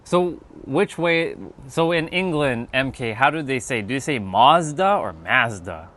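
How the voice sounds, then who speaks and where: A man's voice: mid-range voice, animated, measured pace, fairly bright tone. Laid-back joking male livestreamer. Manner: laid-back, joking, swears casually, reads chat aloud. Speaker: livestream host. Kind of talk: casual livestream chat with viewers.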